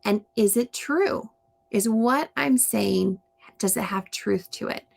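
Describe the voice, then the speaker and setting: A woman reading aloud and explaining to young children in a slow, gentle teaching manner. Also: medium pitch, creaky. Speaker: storytime reader and teacher.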